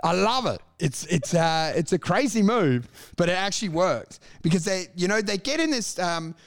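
A man, a stand-up comic co-hosting a casual podcast, telling animated, swearing stories and acting out the lines he says on stage. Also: high voice, normal speed, gravelly. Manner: animated, swearing storyteller who acts out his stage lines. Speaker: stand-up comedian and podcast co-host.

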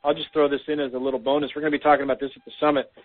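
A man's voice: on the high side, level tone, very fast. A man co-hosting a casual business talk, giving practical advice with frequent "um" fillers, heard over a phone line. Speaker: podcast co-host.

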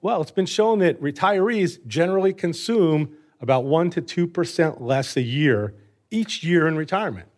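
A man's voice: on the high side, expressive, moderate pace, a little mellow. Man, 50s, financial advisor, confident, explanatory, contestant. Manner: confident, explanatory, light chuckles. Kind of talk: explaining on a quiz show.

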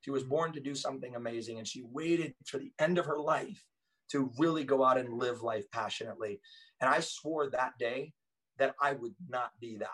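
An earnest man tells stories as a guest in a relaxed conversation. His voice is mid-pitched and sits a little back from the mic. He talks with emphatic conviction. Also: moderate pace, far from the mic, poor audio. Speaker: podcast guest, author and former police officer. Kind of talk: casual storytelling conversation.

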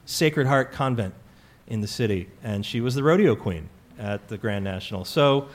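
A man's voice: medium pitch, animated, normal speed. A man from California hosting a trivia show before a live audience, telling stories in a chatty, joking way with plenty of fillers. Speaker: quiz show host.

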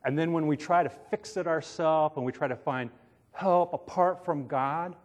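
A male pastor gives an informal sermon with a slightly raised pitch. He talks in a relaxed, conversational way and often poses questions to his listeners. There is a dry, sarcastic edge to his delivery. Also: normal speed. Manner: casual, self-described sarcastic, asks the listeners questions.

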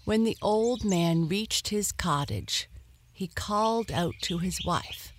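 A woman reading a children's story aloud in an expressive, animated way. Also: lowish voice, a little slow, dry recording.

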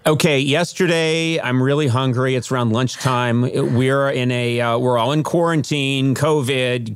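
Animated storytelling man, dry close sound. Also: medium pitch, clear, resonant tone, dry recording. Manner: animated, does lively voices in his anecdotes. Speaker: podcast guest. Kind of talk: casual storytelling.

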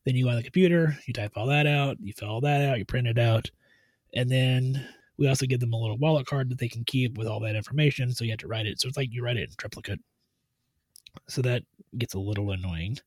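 A man's voice: mid-range voice, quick pace, no echo. Methodical man explaining medical exams. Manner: steady, methodical, tries to stay on task. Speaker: medical provider doing truck-driver physicals. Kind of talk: explanatory podcast chat.

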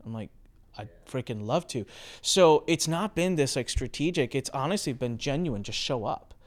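Man, podcast host, casual storytelling, animated delivery, mid-pitched voice. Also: moderate pace. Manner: animated, acts out quoted exchanges with big pitch jumps.

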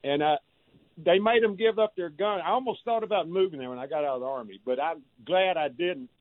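A man in his seventies calling a radio show, reminiscing in a plainspoken, steady way over the phone. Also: on the high side, brisk, no room sound. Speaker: caller. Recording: tinny phone line.

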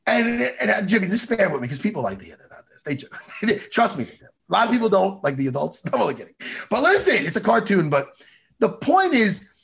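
A man co-hosting a casual chat show, ranting excitably and swearing a lot. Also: high-pitched, fast, gravelly. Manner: animated profane ranting, excitable. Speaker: podcast co-host.

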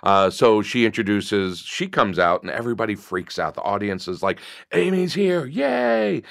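A man talking casually and telling stories about improv, bursting into high voices as he acts out characters. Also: moderate pace, no echo, clean studio sound. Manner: animated storyteller, jumps high acting out voices. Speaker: improv comedian guest. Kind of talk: casual storytelling chat.

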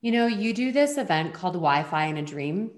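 A woman's voice: fairly low pitch, expressive, brisk. A woman interviewing a guest in a casual, eager and chatty way. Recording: roomy echo.

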